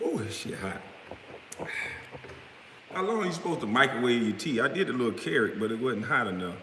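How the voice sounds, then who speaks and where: A man's voice: mid-range voice, animated, fast, pushed and bright, slight background noise. Profane man ranting in an echoey room. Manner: profane, confrontational, trash-talking. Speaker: live-stream host. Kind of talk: heated live-stream rant.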